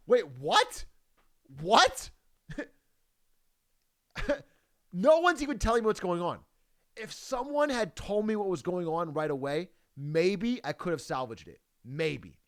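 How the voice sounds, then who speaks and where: A man's voice: high voice, animated, normal speed, a little mellow. A man telling a story casually, swearing freely and breaking into laughter often.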